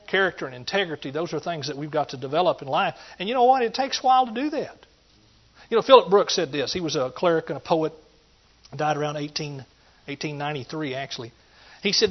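A middle-aged man with a drawl preaches in a folksy, conversational way, with a fairly high voice. He punches his key points loudly, drops to quiet asides, and keeps checking in with the congregation. The recording sounds dull and lo-fi. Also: animated, a little fast. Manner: folksy, swings between loud emphatic points and quiet asides, calls out to the listeners. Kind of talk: sermon.

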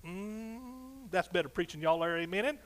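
A middle-aged man preaching a sermon as pastor, animated, swinging between soft asides and loud exclamations. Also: fairly high pitch, fairly quick.

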